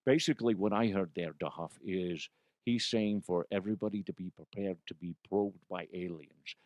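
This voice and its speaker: A man's voice: sits low, normal speed, darkish tone, no room sound, dull audio, voice pushed down, natural voice. A man putting on the voice of a brash, cheeky older man who offers crude, blunt advice.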